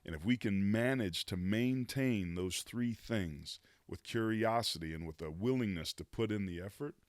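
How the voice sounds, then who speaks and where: In clean, echo-free studio sound, a man in his fifties who once played pro football shares his life story on a podcast. He speaks at normal speed in a lowish voice, sincere and motivational, using casual slang.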